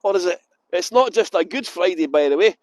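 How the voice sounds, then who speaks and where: Cheeky high-voiced Scottish tour guide. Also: male voice, expressive, a little fast, no room sound. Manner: cheeky, joking, chatty greetings to viewers. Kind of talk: livestreamed walking tour chat. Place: city streets outdoors. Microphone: phone on a gimbal.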